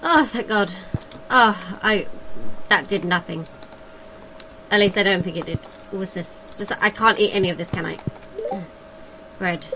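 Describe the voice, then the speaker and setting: A woman's voice: medium pitch, noisy background. A woman giving casual let's-play commentary, comically dramatic and given to whiny pleading. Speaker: video game player.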